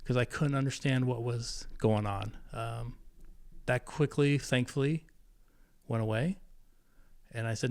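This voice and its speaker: A man in his fifties opens up as a podcast guest in a mid-pitched voice. He talks candidly and with feeling, often stopping and restarting his sentences as he works through painful memories. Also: darkish tone. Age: 50s. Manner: emotional, candid, halting with restarts. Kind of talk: personal storytelling interview.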